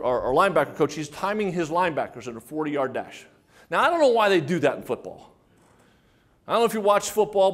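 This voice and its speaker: Older guy with a high voice giving a punchy sales speech to a crowd, tells stories, acts out the people in them. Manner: animated storytelling, acts out quoted voices; punchy rhetorical questions to the crowd. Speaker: motivational sales speaker. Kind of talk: keynote speech to an audience.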